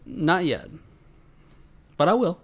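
A man co-hosting a casual podcast about an anime, talking in an animated, sarcastic way. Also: fairly high pitch, slow pace, breathy edge. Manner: animated, sarcastic, acts out quoted lines. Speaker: podcast co-host. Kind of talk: casual anime recap chat.

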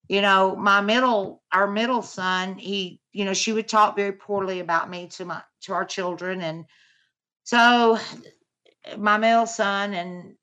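A middle-aged mother appears as a podcast interview guest, recounting a painful family story in a bright, clear, mid-range voice. She speaks haltingly and earnestly, with frequent "you know" fillers.

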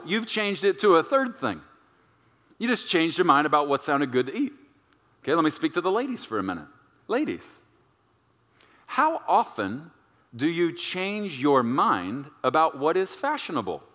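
A man's voice: a little high, bright, forceful tone, long reverb tail. A man preaching a sermon, emphatic and playful, who drags out key words for weight. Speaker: pastor.

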